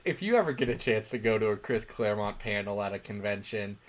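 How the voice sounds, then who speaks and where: A man's voice: fairly low pitch, fast. A man co-hosting a comics podcast, telling jokey stories in casual chat. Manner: animated, joking, storytelling. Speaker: podcast co-host.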